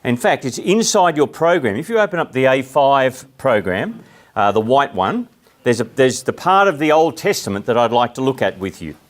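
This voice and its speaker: A man's voice: medium pitch, sing-song, normal speed. Conversational Australian man giving a talk. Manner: conversational, asks the audience questions. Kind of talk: talk to a live audience.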